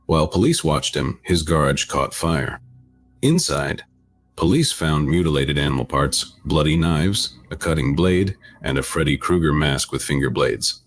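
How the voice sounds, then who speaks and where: A man reading a scripted true-crime narration in a flat, even retelling. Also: rumbling low, a little slow. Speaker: video narrator.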